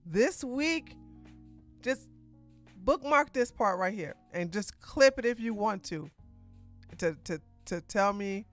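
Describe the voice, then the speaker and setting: A woman's voice: mid-range voice, lively intonation, takes it slowly, long pauses, faint music behind. A woman hosting a political news livestream, talking loosely with many restarts and asides. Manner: rambling, restarts, talks back to clips. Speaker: podcast host. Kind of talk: casual political commentary livestream.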